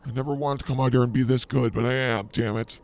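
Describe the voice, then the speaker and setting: A male podcast co-host bragging and ribbing his partner in playful banter. His voice has a gravelly, fry-heavy texture at a middle pitch. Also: fairly even intonation, fast, darkish tone. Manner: boastful, mock-arrogant teasing. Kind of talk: comedic banter.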